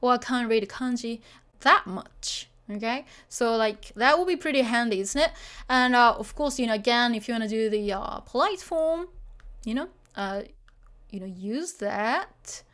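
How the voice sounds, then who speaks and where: A woman's voice: fairly high pitch, lively intonation, a little slow, a bit bright. A woman teaching a beginner Japanese lesson, chatty and full of fillers, often checking that the learners follow.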